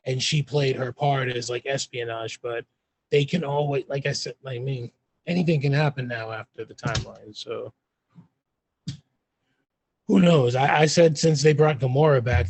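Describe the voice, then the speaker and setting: A man co-hosting a casual chat, animated, retelling scenes in voices and swearing freely. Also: mid-range voice, normal speed, low-quality recording. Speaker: podcast co-host.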